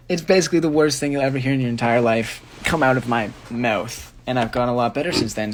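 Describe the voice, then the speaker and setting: A man's voice: mid-range voice, fast, hardly any pauses, slight background noise. A young man, a singer, casually answering fan questions on a phone livestream, sleepy and rambling with many fillers. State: sleepy, yawning.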